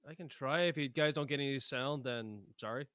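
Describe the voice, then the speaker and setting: A man's voice: mid-range voice, a little fast, fairly bright tone, clean tone, no echo, clean studio sound. A man hosting a casual podcast chat, rambling and easygoing. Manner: rambling, easygoing, lots of fillers. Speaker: podcast host.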